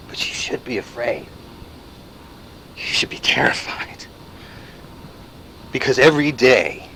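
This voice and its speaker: A man's voice: medium pitch, a bit bright, slight background noise, natural voice. An actor playing a paranoid male anti-surveillance activist in a video game, talking impassioned and firing rhetorical questions at the listener. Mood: hushed warning. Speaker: game character.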